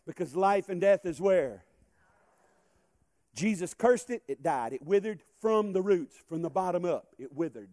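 A man's voice: high voice, unhurried, dry recording, clean studio sound. A man preaching a sermon as guest speaker in a church, calling on the congregation to respond. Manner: animated, calls on the congregation to respond. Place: church hall.

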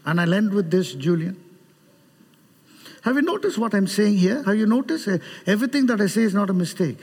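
A man's voice: sits high, brisk, husky, long reverb tail. A man with an Indian accent preaching a sermon, telling stories, acting out the people in them and laughing often. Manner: animated, mimics others in quoted dialogue, laughs often. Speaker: guest preacher. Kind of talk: sermon with storytelling.

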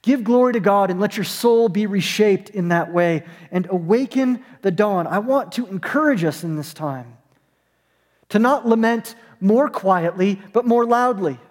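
High-voiced pastor preaching in a reverberant hall. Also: male voice, animated, measured pace, a little mellow. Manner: storytelling, acts out voices in anecdotes. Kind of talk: sermon. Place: church, online service.

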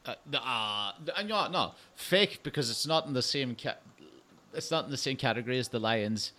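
A man joins a podcast as a guest, answering quiz items with loud swearing and playful banter. His voice is bright and forward, at a middling pitch. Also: animated, normal speed. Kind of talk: casual podcast chat.

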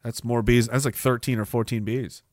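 A man's voice: mid-range voice, fairly even intonation, moderate pace, a little mellow, no echo, studio quality. A man hosting a casual livestream podcast, rambling and sarcastic with mocking asides. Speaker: podcast host.

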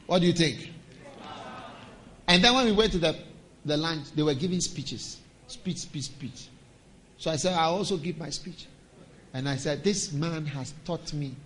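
A middle-aged man, preaching a sermon as pastor, emphatic and sometimes shouting. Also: on the high side, a little hiss or hum.

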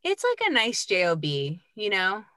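A woman's voice: medium pitch, huge pitch swings, normal speed, pushed and bright, no echo. A woman guest on a podcast, chatting bubbly and freely about her voiceover work. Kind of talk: casual chat.

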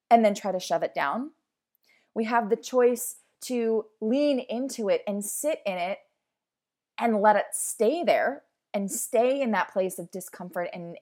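Woman, 30s, podcast host; open, heartfelt, casual chat, mid-range voice. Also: mid-range voice. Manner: candid, emotional, chatty with many "like"s. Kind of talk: casual personal podcast monologue.

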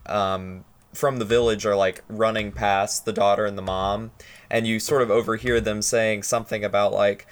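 A man's voice: fairly low pitch, level tone, moderate pace. A young man chatting casually on a podcast, rambling with many fillers as he retells a story.

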